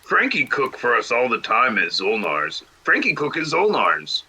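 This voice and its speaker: A man's voice: mid-range voice, huge pitch swings, normal speed, pushed and bright, breathy edge, heavily acted. A man voicing a simple, hulking male warrior who speaks in broken sentences and refers to himself in third person. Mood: earnest.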